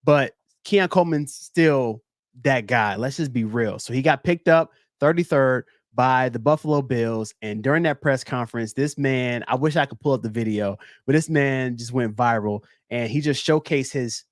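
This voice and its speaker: Man, sports podcast host, lively storyteller with an average-pitched voice, recorded very dry. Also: moderate pace, no room sound. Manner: animated storyteller who jumps into quoted voices. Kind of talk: casual sports podcast chat.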